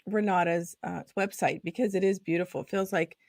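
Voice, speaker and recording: A woman's voice: on the low side, steady tone, no room sound, clean studio sound. A woman hosting an interview, encouraging her guest with short reactions and little laughs. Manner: warmly encouraging, quick gasps and little laughs. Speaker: podcast host. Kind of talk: casual chat.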